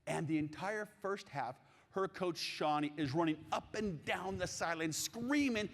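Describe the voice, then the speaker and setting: A man giving a live conference keynote on coaching, animated and jokey, asking the audience questions. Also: high voice, a little fast. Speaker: keynote speaker on sales coaching. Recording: long hall reverb.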